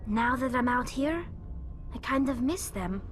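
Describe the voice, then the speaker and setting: An actress voicing a young, homesick alien engineer in game dialogue, soft-spoken and hesitant. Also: female voice, on the high side, expressive, a little slow, soft background music. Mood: wistful.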